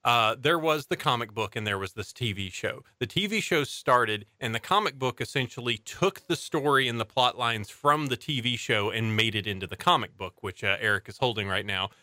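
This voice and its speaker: A man's voice: mid-range voice, normal speed, few pauses, sharp tone, no echo, clean studio sound. A young adult man hosting a casual podcast, enthusiastically reading out show facts between jokes. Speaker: podcast host. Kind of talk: casual chat.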